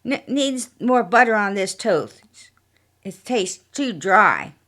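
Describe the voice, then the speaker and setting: Woman doing a nagging older wife, bossy, whiny, demanding, higher-pitched, loud, storybook reading. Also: very animated, takes it slowly, heavily acted.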